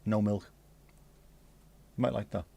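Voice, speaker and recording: A man with a gravelly, mellow, lowish voice speaks a little slowly with fairly even intonation, and the highs are cut off. Hosting a casual livestream from his home setup, he chats with viewers, answers the chat aloud and swears now and then.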